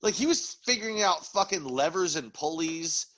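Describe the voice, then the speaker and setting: A young man co-hosting a podcast, talking in an animated, excitable way and swearing casually. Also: fairly high pitch, normal speed. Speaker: podcast co-host. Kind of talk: casual chat.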